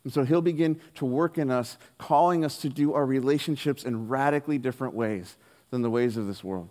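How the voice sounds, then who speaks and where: A man preaching a sermon, telling a personal story in an earnest way and dropping his voice softly on the key lines. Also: medium pitch, a little fast. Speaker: pastor. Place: church hall. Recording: long hall reverb.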